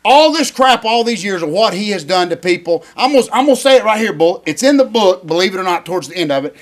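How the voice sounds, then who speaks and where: An older man, a retired wrestler co-hosting a casual chat, given to excitable, rambling rants. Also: high voice, fast.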